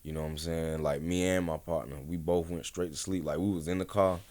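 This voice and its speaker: A man's voice: sits low, fairly even intonation, brisk, darkish tone. A man, a rapper guest on a casual podcast interview, telling stories in a laid-back, slangy, rambling way. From Atlanta, USA.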